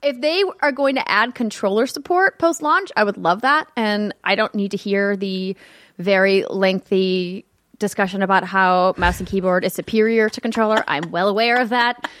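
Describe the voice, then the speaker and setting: A woman co-hosting a gaming news show, chatting casually and reading news items with quick asides. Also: medium pitch, a bit bright, no echo. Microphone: headphones and studio mic.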